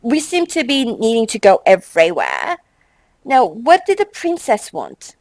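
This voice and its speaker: A young woman hosting a game let's play, chatting with quick exasperated asides and reading game text aloud. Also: fairly high pitch, wildly swooping pitch, a little mellow, no echo, rough recording.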